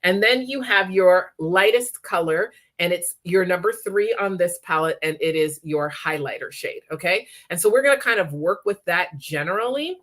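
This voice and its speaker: A woman's voice: fairly low pitch, expressive, normal speed, few pauses, fairly bright tone. Chatty woman demonstrating makeup. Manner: chatty, checks in with frequent "okay?". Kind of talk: live makeup tutorial.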